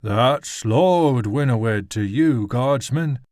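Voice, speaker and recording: A man voicing a drunken, sneering male nobleman who threatens a guardsman in a slow, menacing drawl. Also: medium pitch, lively intonation, darkish tone, no room sound, clean studio sound, pitched above the performer's own voice.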